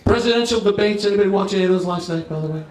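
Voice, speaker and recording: Jersey guy in his 50s doing a stand-up set, fairly high voice, roomy bar sound. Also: rapid-fire, darkish tone. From New Jersey. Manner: brash, crowd-working, punchline timing. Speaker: stand-up comedian. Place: bar stage.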